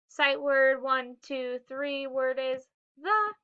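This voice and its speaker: A woman teaching a phonics lesson to young children, slowly sounding out words and cueing the class to read and spell along. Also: high-pitched, pushed and bright, no echo, muffled recording. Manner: slow, clearly sounded-out words with prompting cues.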